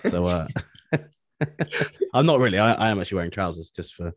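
A man's voice: low voice, lively intonation, fairly quick, no echo, studio quality. A man co-hosting a podcast in casual chat, joking and mocking himself, often laughing. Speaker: podcast co-host.

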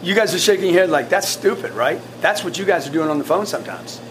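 A high-pitched man gives his sales team a blunt talk in a meeting room, fired up and stumbling over restarts. A faint hiss of room noise sits under his voice. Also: fast. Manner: blunt, animated, repetitive restarts. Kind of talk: coaching talk to staff.

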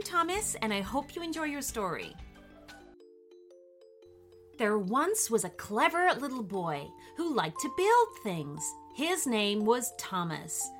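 A woman reading a children's bedtime story aloud in an expressive, lilting voice. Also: medium pitch.

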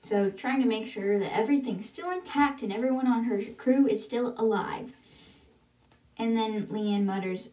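Retelling a book's chapters in a relaxed, talkative way, a woman hosting a podcast often uses "she's like" to slip into quotes. Her pitch is fairly high and her tone dark, at a moderate pace. The audio is echoey and distant from the mic.

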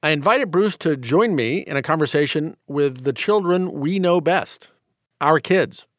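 A man's voice: on the high side, lively intonation, unhurried, a bit bright, no echo. Radio host, man, polished delivery, dry close mic. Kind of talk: scripted radio hosting.

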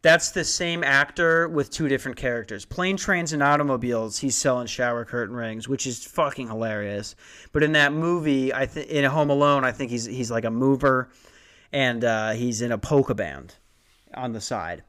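A man's voice: medium pitch, moderate pace, pushed and bright. A young man hosting a comedy podcast, ranting and rambling with lots of profanity and restarts. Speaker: podcast host.

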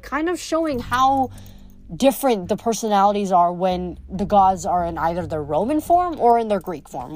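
A woman's voice: mid-range voice, darkish tone. A young woman reading a novel aloud, then chatting casually about it with fillers. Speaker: reader.

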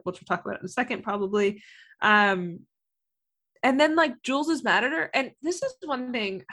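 A woman's voice: mid-range voice, fairly bright tone. A young woman hosting a podcast, chatting casually with lots of fillers. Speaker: podcast host. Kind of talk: casual chat.

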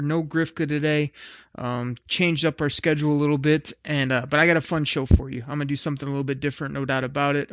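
Male podcast host, casual solo show, rambling and jokey, slightly high voice, dry close sound. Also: clean tone, dry recording, dull audio. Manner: rambling, jokey, rhyming riffs.

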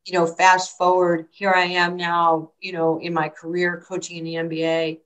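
An older woman tells stories in an interview, acting out what people said. Her voice sits a little low for a woman. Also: moderate pace, rough recording. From New York. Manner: animated storyteller, acts out quotes. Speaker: basketball coach. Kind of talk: storytelling interview.

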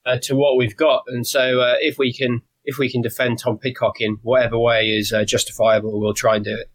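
A man from Britain with a British accent, a podcast guest who explains in a wry, measured way. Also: mid-range voice, flat delivery, no room sound, rough recording. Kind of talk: casual analytical chat.

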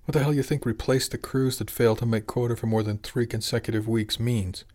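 A man's voice: mid-range voice, fairly even intonation, a little fast, darkish tone, lightly acted. A man voicing a blunt, slangy male animal who manages a fishing fleet, pressing his point in an audiobook.

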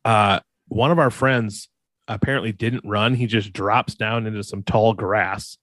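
A man's voice: fairly low pitch, fairly even intonation, measured pace, a bit bright, dry recording. A man co-hosting a podcast, telling a rambling story in a casual way and laughing along. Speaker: podcast co-host.

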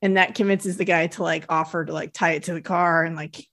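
A woman co-hosting a casual podcast, retelling a film's plot in a relaxed way with many fillers. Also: lowish voice, fairly quick. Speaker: podcast co-host. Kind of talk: casual chat recapping a film.

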